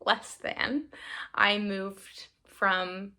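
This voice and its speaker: A young American book vlogger talks casually to camera about her book haul, rambling, cutting herself off, and laughing through moments where she's teary and half-crying. Her voice sits at medium pitch with fairly even intonation, drawn-out words, and a sharp tone.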